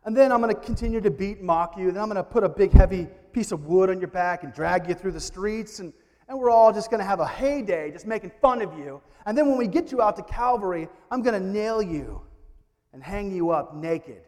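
A man voicing a cruel, mocking male devil who tempts in hushed tones and then taunts. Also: high voice, lively intonation, brisk, long reverb tail. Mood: taunting, cruel.

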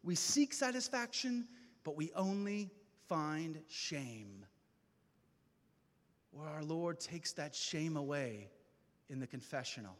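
A man giving an impassioned testimony sermon to a gathering, preaching with slow dramatic pauses. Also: a little high, expressive. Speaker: speaker at a men's gathering. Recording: reverberant hall.

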